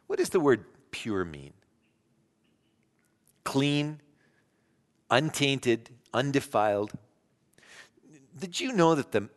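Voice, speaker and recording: A man preaching a sermon as a pastor, earnest, alternating loud emphasis with hushed, low passages. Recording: long hall reverb.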